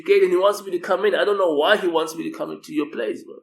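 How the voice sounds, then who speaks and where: A man telling a personal story in loose, profane slang, getting loud and high-pitched when he quotes himself. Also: fairly even intonation, fast talker, gravelly, few pauses, poor audio. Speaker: video storyteller. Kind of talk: casual spoken storytelling.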